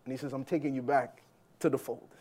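A man preaching a sermon as a personal story, animated, swinging between loud bursts and hushed lines. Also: mid-range voice, fast talker. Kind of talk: sermon testimony.

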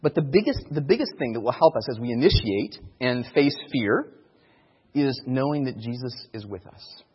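A man with an expressive, breathy medium-pitched voice speaks at a moderate pace, teaching evangelism in an informal sermon on sharing faith. He's earnest and returns to key phrases for emphasis. The recording is dull, with hall reverb.

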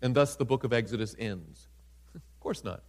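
A man's voice: mid-range voice, expressive, normal speed, a little mellow. A man preaching a sermon, acting out the scripture quotes and laughing often. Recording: hall reverb.

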